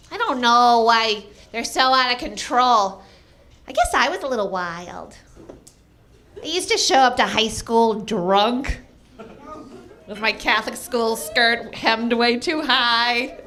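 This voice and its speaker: A woman comedian doing a stand-up set with a deadpan, self-mocking delivery on a club stage. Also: fairly high pitch.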